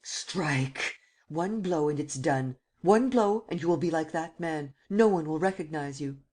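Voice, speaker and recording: A woman's voice: low-pitched, a little slow, darkish tone. A woman voicing a ruthless, commanding nobleman who gives vehement orders in an audiobook.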